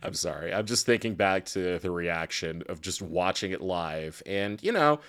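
A woman's voice: extremely low pitch, animated, normal speed. A woman in casual chat, teasing her co-host and laughing along.

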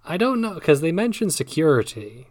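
A man's voice: a little high, sing-song, moderate pace, no echo. A man with an English accent, raised in England, co-hosting a casual book chat in a dry, sardonic manner with frequent swearing. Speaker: podcast co-host.

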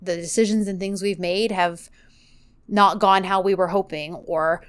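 Her voice is fairly low, clear and resonant, moving at a measured pace. As a podcast co-host recapping a TV show, she's chatty and animated, leaning heavily on "like."

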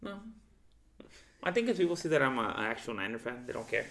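Gravelly man venting in casual chat. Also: mid-range voice, fast. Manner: profane, animated venting with quoted self-talk. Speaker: podcast co-host, football fan.

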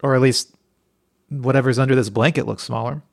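A man co-hosting a casual podcast chat, making deadpan jokes and stumbling over his words. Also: mid-range voice, a little fast, creaky, husky. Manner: deadpan joking with stammered restarts. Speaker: podcast co-host.

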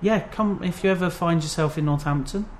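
A man co-hosting a podcast in casual, rambling chat, self-deprecating and quick to laugh. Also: a little high, slight background noise. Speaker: podcast co-host.

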